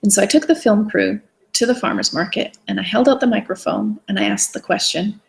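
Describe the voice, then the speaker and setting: Woman host, gravelly edge to her voice, chatty and digressive storyteller, heard over a webcam call. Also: mid-range voice, sing-song, brisk, hardly any pauses, low-quality recording. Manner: enthusiastic, rambling, digressive. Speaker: wellness challenge host. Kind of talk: casual storytelling talk. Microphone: video call webcam.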